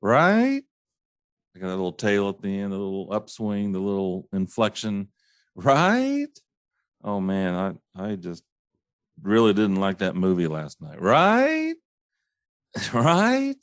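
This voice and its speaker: Male host, low voice, dry close sound; a casual, exasperated rant full of restarts and mocking impressions. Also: little pitch movement, darkish tone, clear, resonant tone, no room sound. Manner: exasperated, mimics others with high mocking "right?"; halting restarts, repeats words. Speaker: podcast host.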